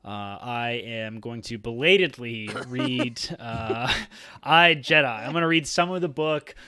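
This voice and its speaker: A man's voice: medium pitch, a little slow, sharp tone, no echo. A man from Georgia, US, co-hosting a podcast, talking casually and rambling with frequent laughs. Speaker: podcast co-host.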